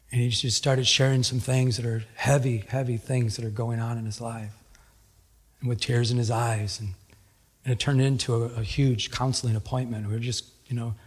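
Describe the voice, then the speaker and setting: A man's voice: medium pitch, breathy edge. A man preaching a sermon as a pastor, telling stories in a conversational way, often repeating words.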